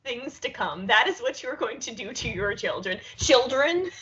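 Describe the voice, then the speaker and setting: A woman's voice: on the high side, expressive, normal speed, pushed and bright. Wry chatty woman on a video call. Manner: chatty and wry, with meandering pop-culture asides. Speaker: co-host of a beer review show. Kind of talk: casual chat over a video call. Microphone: video call setup. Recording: dull lo-fi video call audio.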